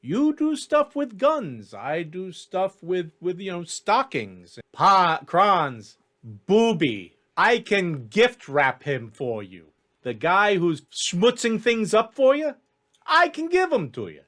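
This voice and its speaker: A man pitches his voice high to play a smarmy, fast-talking tall male elf. He wheedles and schmoozes in a lively, swooping voice. He sounds nervous underneath the charm. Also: heavily acted. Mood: wheedling. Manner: wheedling, pleading, nervous chatter.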